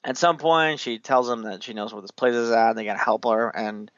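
A man's voice: medium pitch, steady tone, a little fast, fairly bright tone, dry recording. A man talks casually, retelling a film scene by scene with plenty of swearing and easy laughter. His voice sits mid-range. The recording is dull and dry, with no room sound. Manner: loose, profane, laughing storyteller. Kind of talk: casual chat recapping a movie.

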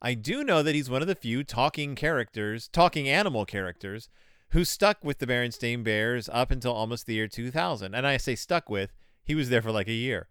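A man's voice: mid-range voice, expressive, a little fast, fairly bright tone, clean tone, dry recording, studio quality. A male podcast host giving casual comedic commentary on children's books, sarcastic and rambling with many asides.

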